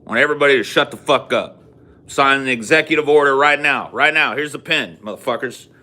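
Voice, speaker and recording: A man's voice: mid-range voice, lively intonation, measured pace, sharp tone, pitched above the performer's own voice. A man voicing a crude, bellowing male president who rants at his critics and barks profane orders. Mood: ranting. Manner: profane, ranting, barking orders.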